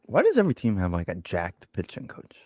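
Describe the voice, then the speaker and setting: Man, low voice, dry close sound, casual profane sports banter, podcast co-host. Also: huge pitch swings, fairly quick, darkish tone, no echo. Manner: profane, joking, loose banter.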